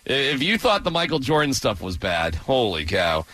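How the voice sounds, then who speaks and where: A man co-hosting a sports radio show, talking in a sarcastic, rambling, animated way. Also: medium pitch, normal speed, no room sound. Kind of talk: casual sports radio banter.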